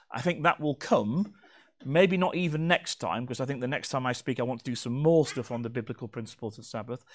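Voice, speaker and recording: A man preaching a sermon to his congregation, playful and teasing. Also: medium pitch. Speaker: pastor. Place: church hall.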